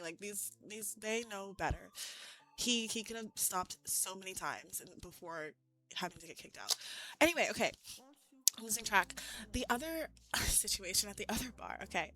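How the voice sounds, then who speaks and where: A woman streamer telling a story in casual chat, animated and laughing, with lots of "like". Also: mid-range voice. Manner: animated, laughing, heavy use of "like". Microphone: streaming mic.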